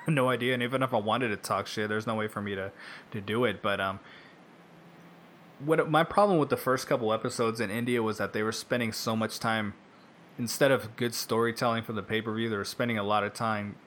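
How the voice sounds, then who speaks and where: A man in casual talk, animated and breaking into quick mimicry of others as he tells a story. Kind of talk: casual wrestling chat. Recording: faint rumbling background noise.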